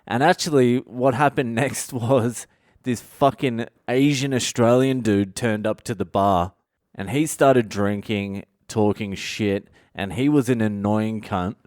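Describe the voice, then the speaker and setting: A man with a low, smooth, resonant voice tells his own stories on a solo podcast, swearing freely and speaking bluntly as he rambles from one anecdote to the next. The sound is close and dry, with no room echo. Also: unhurried, a little mellow. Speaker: podcast host, comedian. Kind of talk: solo confessional podcast storytelling.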